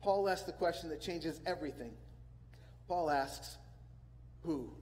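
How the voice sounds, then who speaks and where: A man's voice: a little high, normal speed, a little mellow, long reverb tail, low-quality recording. A man preaching a sermon as pastor, earnest, repeating words and phrases for emphasis.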